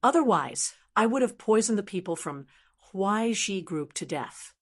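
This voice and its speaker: A woman's voice: medium pitch, lively intonation, a little slow. A woman voicing an angry, defiant man who has been cornered by his old gang, in a storybook read-aloud. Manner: shouting, defiant.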